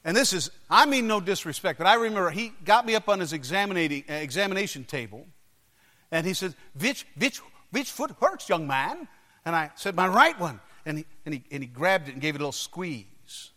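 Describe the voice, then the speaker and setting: A man preaching a sermon, telling personal stories emphatically with dramatic pauses and acted-out voices. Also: on the high side, animated, bright, forceful tone. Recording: long hall reverb.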